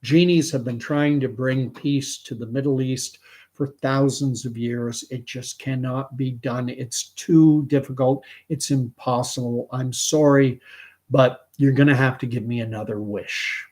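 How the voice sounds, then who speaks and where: A worn-out genie apologizes that the task is beyond him, speaking in a soft, mellow, regretful tone, as a man puts him on. He sounds tired of an impossible job. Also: medium pitch, steady tone, unhurried, close to an everyday voice. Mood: apologetic. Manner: sighing, regretful refusal. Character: apologetic, weary male genie.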